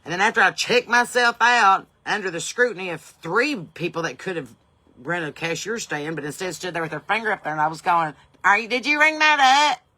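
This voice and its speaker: Her lowish voice comes out brisk, pushed, and bright as this middle-aged Southern US woman hosts her podcast, spinning profane, rambling, brash comic stories in monologue form.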